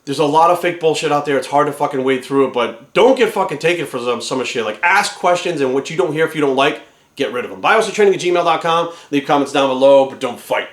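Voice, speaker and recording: A fitness trainer ranting angrily at the camera, swearing constantly and sounding exasperated. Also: male voice, on the high side, lively intonation, fast. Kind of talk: profane ranting vlog. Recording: echoey room.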